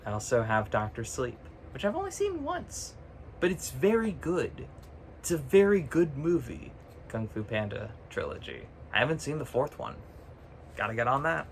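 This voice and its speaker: A man's voice: mid-range voice, sing-song, moderate pace, vocal fry, slight background noise. A man talking casually to camera, ranting with sarcasm, swearing freely and laughing often mid-sentence, recorded on a phone. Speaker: vlogger. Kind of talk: casual chat.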